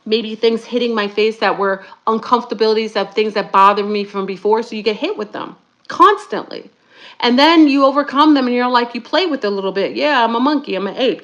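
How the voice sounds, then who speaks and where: A middle-aged woman talks casually to her online audience in a fairly high voice. She is chatty and animated and keeps calling her viewers y'all. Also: muffled recording. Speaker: YouTube spiritual talk host. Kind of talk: casual livestream talk to viewers.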